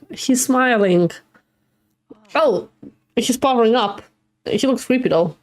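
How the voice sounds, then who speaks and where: A woman's voice: a little high, animated, measured pace, dry recording. Emotional woman streamer reading game dialogue. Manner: emotional, reads game text aloud with reactions. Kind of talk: live gameplay commentary, reading dialogue aloud.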